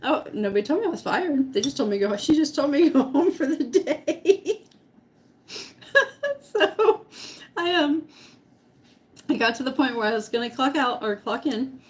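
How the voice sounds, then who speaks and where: A woman's voice: sits high, lively intonation, normal speed, pauses often. A middle-aged woman vlogger telling a story to her live chat, laughing often and eating as she talks. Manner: giggly, laughs often while talking; eating while talking.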